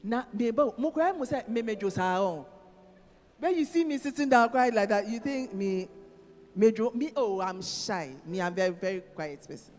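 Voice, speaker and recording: A woman with a Ghanaian accent delivers a sermon at a conference in a church hall, teasing audience members and calling on them by name. Her mid-range voice is a little mellow, with lively intonation at a moderate pace, and the recording carries long hall reverb and faint music.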